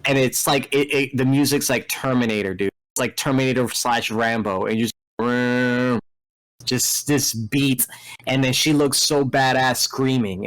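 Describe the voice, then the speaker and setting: A man hosting a casual gaming podcast, talking excitedly and rambling with restarts, with a mellow voice. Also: mid-range voice, low-quality recording. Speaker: podcast host. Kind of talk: casual chat.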